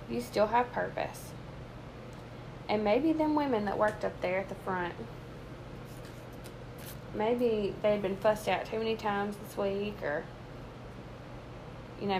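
Young mom vlogger, folksy and chatty, faith talk, noisy background. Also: female voice, medium pitch. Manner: chatty, folksy, addresses listeners as y'all. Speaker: Christian vlogger and mother. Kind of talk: casual faith-based encouragement and storytelling. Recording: steady background noise.

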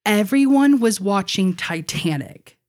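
A woman's voice: medium pitch, expressive, measured pace, a little mellow. A young woman co-hosting a podcast, telling a personal story in a casual chat, laughing often and leaning on fillers like "like" and "you know.". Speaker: podcast co-host.

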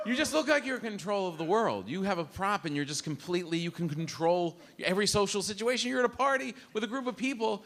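A middle-aged man performing a live stand-up routine, animated, acting out the voices of his family. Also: high-pitched, fast talker, few pauses. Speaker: stand-up comedian. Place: comedy club stage. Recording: live club with audible room noise.

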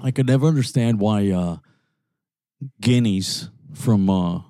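A brash man with a New York accent rants and curses his way through casual banter as a co-host. His voice is dark and mellow, and the sound is dry and close. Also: on the low side, a little slow, dry recording. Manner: brash, swears constantly, loud rants. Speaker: podcast co-host. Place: in a car.

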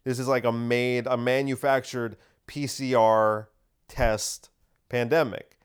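Podcast host, male, mid-pitched, smooth and resonant, sarcastic ranting monologue. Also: flat delivery, takes it slowly. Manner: sarcastic, ranting, rhetorical questions. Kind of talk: opinionated monologue.

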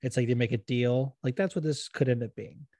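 A man's voice: mid-range voice, a little fast, dark tone, no room sound. Podcast guy joking around, swearing, mid voice, dry close sound. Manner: joking, swearing, mock-boastful voices in quotes. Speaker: podcast co-host. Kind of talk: casual chat.

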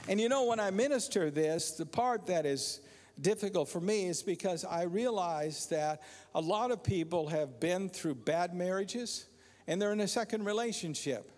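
A man preaching a sermon as pastor, calling on the congregation to respond and building to loud exhortations. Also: sits high, expressive, normal speed, in a large hall. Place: church sanctuary.

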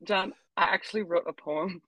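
Lively woman telling a story. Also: fairly low pitch, normal speed, dry recording. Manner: animated storyteller acting out quotes. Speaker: podcast co-host. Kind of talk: storytelling in casual chat.

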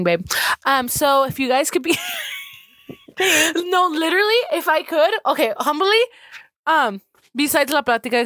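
A young woman co-hosting a podcast in casual, playful chat, laughing often and now and then doing a mock sports announcer. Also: high-pitched. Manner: playful, giggly, breaks into mock announcer shouts. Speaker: podcast co-host.

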